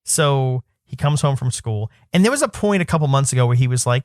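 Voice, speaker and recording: A man in his thirties chats casually as a podcast co-host, winding through a story with lots of fillers and restarts. His voice sits at an ordinary middle pitch, and the recording is close and dry. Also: expressive, fairly quick, no echo. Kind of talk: casual chat.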